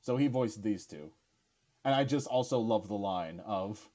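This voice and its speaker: A man's voice: on the low side, sing-song, moderate pace. A young man chatting casually as he rewatches his own series, stammering, restarting and laughing easily.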